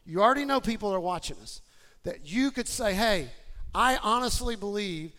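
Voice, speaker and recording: A man preaching a sermon to his church, moving from quiet, personal talk to shouted, excited appeals. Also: high-pitched, moderate pace. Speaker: pastor. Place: church sanctuary with congregation.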